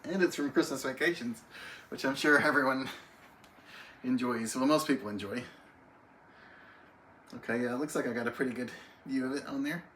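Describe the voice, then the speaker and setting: Bright-voiced man chatting on a livestream. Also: medium pitch, moderate pace, long pauses, slight background noise. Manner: friendly, reads chat names aloud, chatty. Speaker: livestream host. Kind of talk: casual livestream chat greeting viewers. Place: home, alone on a live stream.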